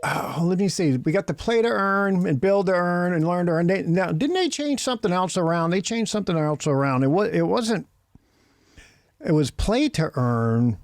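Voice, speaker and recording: A man's voice: sits high, animated, normal speed, no echo, studio quality. Joking Boston man hosting a chat. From New England. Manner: joking, rambling, laughs a lot. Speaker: host. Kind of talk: casual chat on a live audio space.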